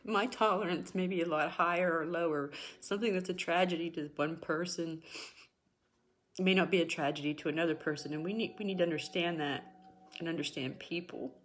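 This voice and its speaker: A woman's voice: on the low side, fairly quick, a bit bright. A middle-aged woman hosting a spiritual talk show, speaking earnestly and encouragingly to her viewers and repeating herself for emphasis. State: tearful at times. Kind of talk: emotional personal talk to viewers.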